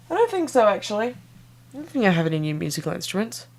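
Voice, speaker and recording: A woman's voice: mid-range voice, expressive, quick pace, a little hiss or hum. A young woman, rambling casually to camera in a playful, self-mocking way that jumps between tangents. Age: young adult. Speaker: vlogger.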